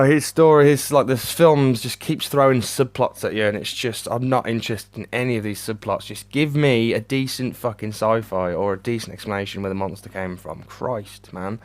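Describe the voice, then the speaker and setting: Guy ranting about a movie he hates, sweary and fed up, mutters then blows up. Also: lowish voice. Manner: exasperated, sweary, sardonic ranting; swings between mutters and loud outbursts. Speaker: movie reviewer. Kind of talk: ranting film review.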